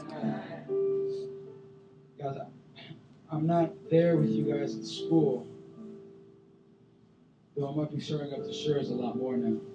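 A man preaching a sermon as a youth pastor, animated, bursting into loud acted-out voices. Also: a little high, dull audio. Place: church sanctuary. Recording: echoey room, voice from far off the mic.

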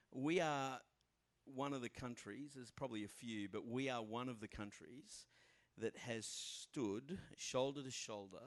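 An Australian man in his fifties preaches at a church as a guest pastor. He talks in a chatty, self-deprecating way, with plenty of fillers and asides, in a mid-pitched voice. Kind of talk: informal sermon.

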